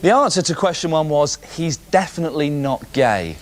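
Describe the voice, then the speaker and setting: A man hosting a comedy show, delivering scripted links with a dry, deadpan touch. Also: fairly high pitch, normal speed, background noise. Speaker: host.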